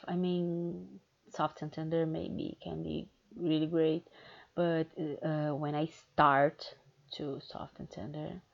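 A woman with a low, gravelly voice talks slowly and candidly in a casual question-and-answer chat, pausing often on fillers. The recording sounds dull and lo-fi. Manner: candid, hesitant with many fillers. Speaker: erotic audio creator.

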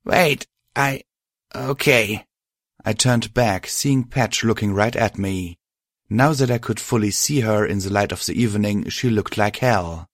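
Low-voiced man narrating a story. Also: moderate pace, no room sound, studio quality. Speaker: reader. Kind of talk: first-person fan fiction audiobook narration.

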